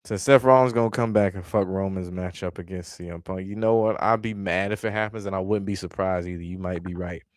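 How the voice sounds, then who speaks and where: A man's voice: deep voice, fairly even intonation, a little fast, few pauses, no room sound, studio quality. A man ranting bluntly in a casual vlog, exasperated and swearing freely as he reacts to his chat. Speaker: wrestling commentary vlogger.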